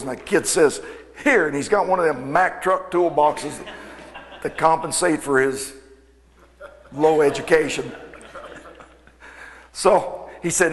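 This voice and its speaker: A man, an aircraft mechanic, telling an animated, folksy story to an audience and acting out the dialogue. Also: fairly high pitch, unhurried, long pauses. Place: event hall. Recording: long hall reverb.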